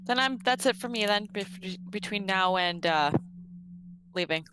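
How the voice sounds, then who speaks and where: A woman's voice: medium pitch, unhurried, noisy background. A woman playing a tabletop game, chatty and questioning, over voice chat. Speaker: player. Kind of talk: casual tabletop role-play.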